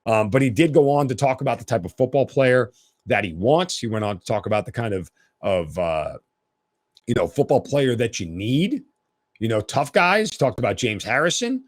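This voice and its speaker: A man hosting a solo sports podcast, talking in a blunt, opinionated and animated way. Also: medium pitch, normal speed, no echo, studio quality. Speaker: podcast host.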